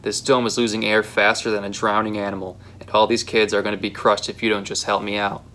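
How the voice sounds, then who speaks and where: A man's voice: on the low side, flat delivery, fast, a bit bright. A young man voicing a nervous, stressed maintenance worker who talks in an earnest, pleading way. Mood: distressed.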